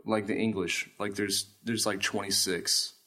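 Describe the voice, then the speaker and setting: A man's voice: lowish voice, flat delivery, a little slow, bright, forceful tone. A man hosting a casual podcast chat, talking emphatically and swearing freely.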